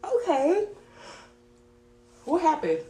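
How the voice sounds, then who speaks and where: A young woman co-hosting a podcast, loud, laughing and profane in casual chat. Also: high-pitched, wildly swooping pitch, very slow. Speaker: podcast co-host. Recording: roomy echo, faint hum.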